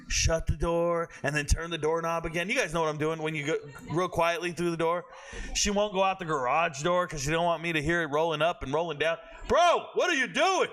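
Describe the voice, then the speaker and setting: A young man streaming a football watch party, telling animated stories to his chat and swearing freely. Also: on the high side, a little hiss or hum. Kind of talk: casual chat.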